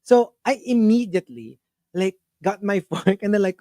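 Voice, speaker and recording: A man's voice: sits high, moderate pace, dry recording. A man with a Filipino accent hosting a morning radio show, telling a story in casual chat and mixing English with Tagalog. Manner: animated storyteller, laughs while telling anecdotes. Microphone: studio mic.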